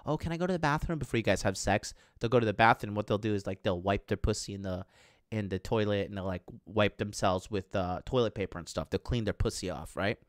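A man's voice: fairly low pitch, fairly even intonation, fairly quick, no echo, clean studio sound. A man hosting a dating show, talking casually and crudely to his live chat viewers, rambling and swearing as he tells stories. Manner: crude, profane, rambling storytelling. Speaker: dating coach host.

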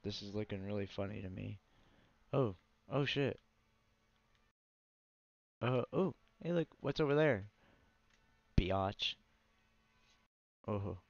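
A man's voice: fairly low pitch, unhurried, vocal fry, long pauses, darkish tone, dry recording. A tired man ranting profanely and bluntly while commenting on his own console gameplay. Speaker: gaming channel host. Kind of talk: casual let's play commentary. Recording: dry, dull lo-fi mic.

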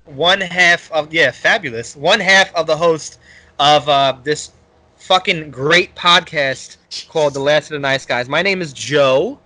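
A man with a Brooklyn accent co-hosts a casual podcast, loud and excitable, laughing often. His voice is bright and forceful and sits a bit high for a man. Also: a little slow, no echo. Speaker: podcast co-host. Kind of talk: casual chat.

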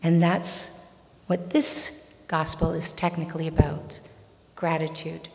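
A woman's voice: low voice, slow pace, creaky. A woman preacher giving a sermon and reading scripture, telling stories expressively, in a large church. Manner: expressive storytelling. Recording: long church reverb.

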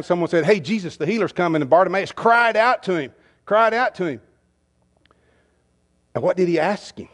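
A man with a high voice preaches a sermon in a conversational way. He poses rhetorical questions to the congregation and slips into quoted dialogue as he retells scenes. He sounds like a pastor in his fifties. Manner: acts out dialogue in quoted lines.

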